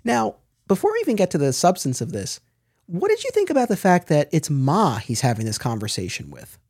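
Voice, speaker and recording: A podcast host talking in casual chat, his voice a little higher than most men's and swinging widely in pitch. He is animated and keeps stopping to correct himself. The sound is close and dry. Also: fairly quick, husky, no echo.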